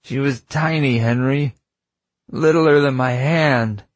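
A man's voice: on the low side, expressive, normal speed, breathy edge, no room sound, pitched above the performer's own voice. A man voicing a grieving, bitter young man, the narrator's older brother, who talks bluntly, sneers and swears.

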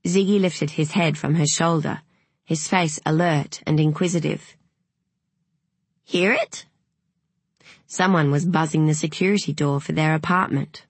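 A woman narrating an audiobook in a measured, unhurried way, with a breathy voice. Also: deep voice, steady tone, no room sound.

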